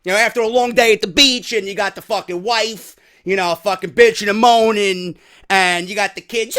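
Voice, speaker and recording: A man's voice: high-pitched, normal speed. A man giving a rambling, profane comedic rant as a vlogger. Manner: rambling, swearing, animated. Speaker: wrestling vlogger.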